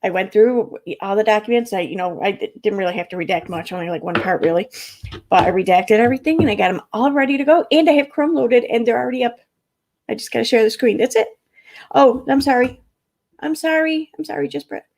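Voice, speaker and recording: A woman's voice: fairly high pitch, a little fast, creaky, a little mellow. A woman with a Midwestern American accent hosting a casual livestream, rambling, swearing and answering her chat. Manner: rambling, profane, talks to chat. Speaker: livestream host.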